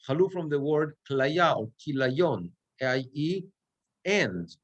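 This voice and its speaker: A man with a slightly high voice teaches prayer chant in a relaxed class. He explains step by step and now and then breaks into short chanted phrases. He sounds middle-aged. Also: slow, dull audio.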